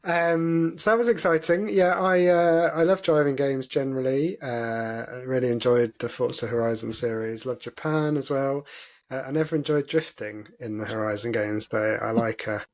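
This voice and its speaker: A man co-hosting a casual podcast, with a middling, ordinary pitch. He talks thoughtfully and hesitantly, with frequent ums and uhs. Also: normal speed, darkish tone. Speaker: podcast co-host. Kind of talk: casual chat.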